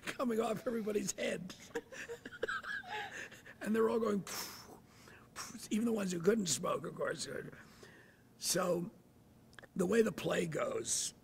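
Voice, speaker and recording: A man in his sixties, an actor telling stories in an interview, animated and dropping to hushed asides. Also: a little high, creaky, a little hiss or hum. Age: 60s. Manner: animated, drops to hushed asides, acts out voices. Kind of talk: anecdotal storytelling. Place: theatre.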